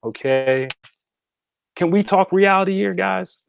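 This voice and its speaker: A man's voice: sits high, a little slow, gravelly, smooth, muffled recording. A man hosting a casual livestream from his home meditation room, talking straight to viewers and often checking in with "okay?". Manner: direct, repetitive, asks "okay?" often. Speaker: livestream host and spiritual consultant.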